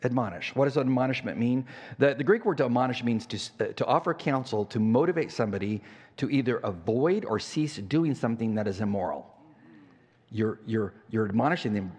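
A man's voice: medium pitch, expressive, fairly quick, husky. An older man preaching a sermon as pastor, telling a story in a conversational way with many fillers and restarts. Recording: church hall reverb.

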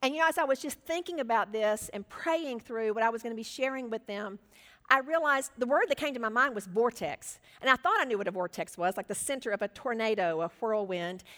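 Woman, 60s, Bible teacher, high voice, lively and earnest, long hall reverb. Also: fairly quick. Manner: earnest, animated, laughs often. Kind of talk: women's Bible study teaching.

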